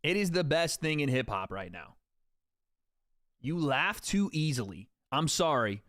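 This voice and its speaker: A man's voice: a little high, big pitch swings, unhurried, fairly bright tone, no echo, clean studio sound. A young man hosting a livestream, joking and swearing casually as he talks to his chat. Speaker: streamer host.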